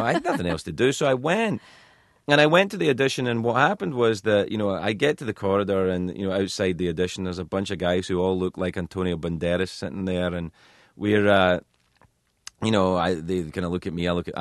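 A man's voice: deep voice, dry recording. A man telling rambling, self-deprecating stories as a guest in a radio studio interview. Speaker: talk show host as guest.

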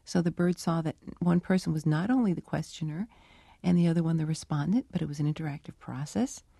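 A middle-aged woman researcher answering interview questions and telling her work stories with lively, acted-out dialogue. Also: low-pitched, fast talker, gravelly, breathy edge, no room sound, clean studio sound. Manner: animated storytelling, acts out dialogue. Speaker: animal cognition researcher.

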